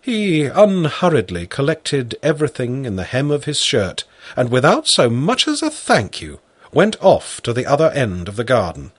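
A man narrating a story in the first person, reading slowly and expressively. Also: mid-range voice, breathy edge, no room sound. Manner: slow, animated storytelling.

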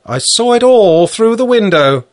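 A man voicing a cheerful, loud farm housewife in a storybook reading. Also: sits high, animated, voice pushed up. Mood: hearty. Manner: brisk, boisterous calls.

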